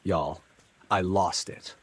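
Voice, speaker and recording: A man with a low, husky voice reads a first-person story aloud. He tells it dramatically and conversationally, dropping casual asides to the listener. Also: fairly even intonation, slow. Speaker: narrator.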